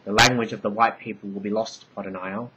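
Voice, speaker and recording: A man voicing an ancient all-knowing divine queen, part bee, speaking in solemn, measured pronouncements. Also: fairly low pitch, steady tone, muffled recording, noisy background, close to an everyday voice.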